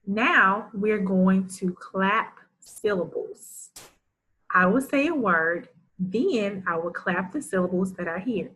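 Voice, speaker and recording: Slow, deliberate woman teacher for young kids, sounds out words carefully, praises often. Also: mid-range voice, breathy edge, low-quality recording. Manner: enunciates sounds carefully, warm praise for pupils. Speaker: first grade teacher. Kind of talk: slow, deliberate reading lesson for young children.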